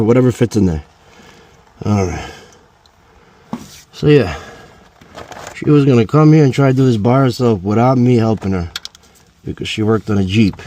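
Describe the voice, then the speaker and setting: A man in his forties rambles through a story full of swearing and jokes while he works on a car outdoors. His voice is mellow and mid-pitched, and some faint noise sits behind it. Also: moderate pace, pauses often. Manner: profane, joking, rambling and animated. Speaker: DIY car vlogger.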